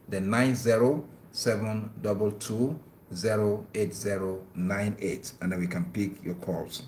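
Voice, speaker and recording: A man's voice: lowish voice, normal speed, darkish tone, slight background noise. Earnest man preaching in an echoey room. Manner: earnest, preachy, stammers on repeated words. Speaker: Islamic talk show host. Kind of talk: religious advice talk with phone-in.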